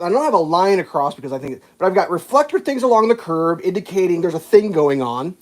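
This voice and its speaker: A man's voice: high-pitched, big pitch swings, brisk. A man hosting a live stream, casually telling a long, exasperated story in a rambling, profane way. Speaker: livestream host.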